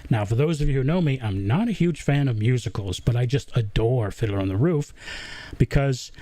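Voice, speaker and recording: A man's voice: mid-range voice, lively intonation, a little fast, mellow, no room sound. A man from the American South with a Southern accent, hosting a casual livestream Q&A and chatting through it with lots of fillers and restarts. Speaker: host.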